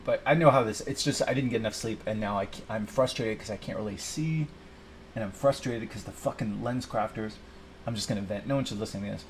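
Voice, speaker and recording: A man's voice: fairly low pitch, a little fast, a little hiss or hum. A man venting in a rambling personal video, frustrated and swearing, talking to himself. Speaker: vlogger.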